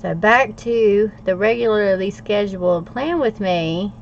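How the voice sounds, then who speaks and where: A woman's voice: medium pitch, unhurried, a little hiss or hum. Middle-aged woman, livestream host, chatty and playful, reading viewer comments aloud, slightly dull lo-fi sound. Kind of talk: casual livestream chat while journaling.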